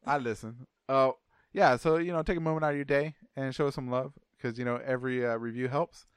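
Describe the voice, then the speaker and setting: A man's voice: medium pitch, fairly quick, clear, resonant tone, no echo, studio quality. A man co-hosting a podcast in casual chat, laid-back and joking, rambling a little. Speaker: podcast co-host.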